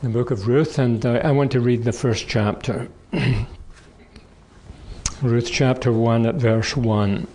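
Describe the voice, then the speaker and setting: A middle-aged male pastor reading scripture aloud in a sermon, slow and measured in the readings and chatty in the asides. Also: medium pitch, steady tone, a little mellow, a little hiss or hum. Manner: reads scripture slowly, chats between passages.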